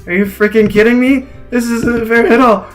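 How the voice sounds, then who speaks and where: A man's voice: very high voice, steady tone, normal speed, soft background music, voice pushed up. A man reading as a snappy, indignant girl. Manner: snappy, accusing. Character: short-tempered, indignant young girl. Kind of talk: reading game dialogue aloud.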